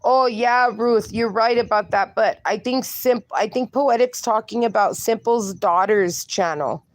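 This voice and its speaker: A woman's voice: fairly high pitch, measured pace, no room sound. A woman hosting a casual live stream outdoors with her dogs, chatting and reading viewer comments aloud, slipping into baby talk for her pups. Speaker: livestream host.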